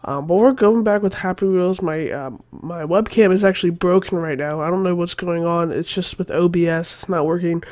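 A man commentating a video game while sick, his voice a little raspy, blurting excited, slangy reactions. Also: high voice, normal speed, few pauses. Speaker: gaming commentator.

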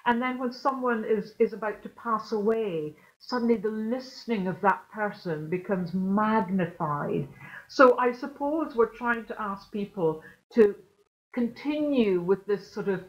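A woman musician answering questions in an online talk, explaining her ideas in a reflective, gently emphatic way. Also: mid-range voice, measured pace, lo-fi sound. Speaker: guest percussionist. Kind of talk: online lecture Q&A.

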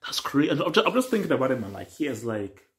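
A young man talks through a TV reaction in a loose, rambling way. He circles back over the same phrases and jumps from excited outbursts to quiet muttering. His voice sits at an ordinary middle pitch for a man. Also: quick pace. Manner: rambling and repetitive, swinging between excited bursts and low mutters. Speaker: reaction channel host. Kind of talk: casual TV reaction talk.

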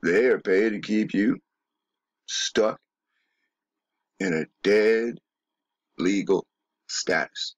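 A man's voice: lowish voice, very slow, pauses often, slightly rough, no room sound, highs cut off. A man delivering a rambling, emphatic monologue, often swearing and throwing in rhetorical questions. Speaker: video commentator.

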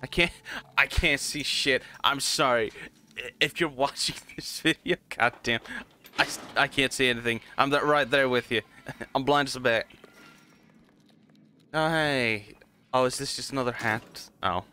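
A man's voice: medium pitch, a little slow, long pauses, pushed and bright. A man casually commenting on a game as he plays, rambling and chuckling at himself. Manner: rambling, self-mocking, laughs often. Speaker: gaming channel host. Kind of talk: casual let's play commentary.

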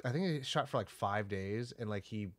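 A man's voice: fairly low pitch, normal speed. A man co-hosting a podcast who talks in a loose, chatty way, filling his sentences with "like.". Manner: loose and chatty, lots of "like" fillers. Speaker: podcast co-host. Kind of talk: casual chat.

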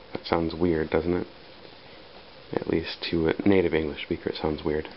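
A man teaching an English grammar lesson, speaking unhurriedly with pauses and fillers. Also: deep voice, level tone. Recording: dull lo-fi sound with faint background hiss.

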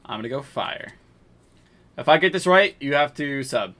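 A man's voice: medium pitch, expressive, moderate pace, bright, forceful tone. A man streaming himself opening card packs, chatting casually, hyping big pulls, joking with viewers, and mumbling while he sorts cards. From New England. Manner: chatty, hypes pulls, jokes with chat. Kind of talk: casual live-stream chat.

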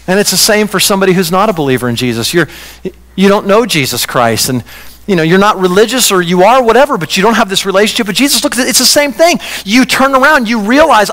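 A man's voice: high-pitched, expressive, fast talker, fairly bright tone, long reverb tail. A male pastor preaching a sermon in a church, emphatic and impassioned, asking rhetorical questions. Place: church sanctuary.

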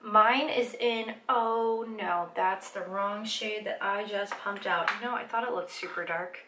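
A woman beauty vlogger chats casually through a makeup tutorial, rambling, joking at her own expense, and talking to herself as she works. Her medium-pitched voice is bright and forceful, a little slow, recorded in an echoey room with slight background noise.

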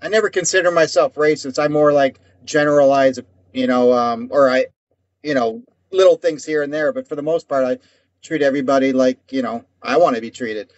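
A man's voice: mid-range voice, a little fast, dry recording. A man telling stories in casual profane chat as podcast co-host, rambling and acting out voices. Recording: dull lo-fi dry sound.

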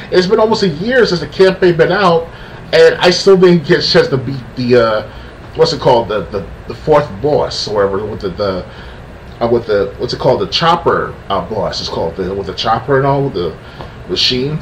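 A man ranting on a casual podcast, frustrated and rambling, stumbling and restarting often. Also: mid-range voice. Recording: distant mic with faint background noise.

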